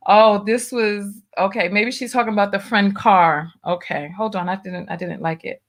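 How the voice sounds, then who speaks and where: A woman's voice: medium pitch, fairly even intonation, normal speed. A woman hosting a live stream in a casual chat, reading comments aloud in a drawling, exclamatory way. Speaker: host.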